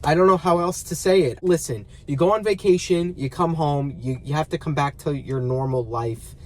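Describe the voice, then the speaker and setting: A man's voice: on the high side, normal speed, darkish tone, a little hiss or hum. A man in a parked car, complaining dramatically in a casual vlog. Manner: dramatic, mock-complaining, exaggerated. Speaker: vlogger.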